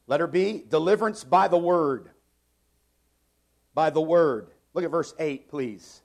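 A man in his forties preaching a sermon in a church, stressing key phrases by repeating them and swinging between loud and soft. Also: on the high side, measured pace, vocal fry. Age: 40s. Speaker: pastor. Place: church sanctuary.

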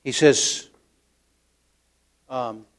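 An older man preaching a sermon, telling stories with lively acted-out inner voices and soft tender asides, often repeating words as he searches. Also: drawn-out words. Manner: animated storytelling, acts out inner voices, drops to soft tender tones. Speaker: pastor.

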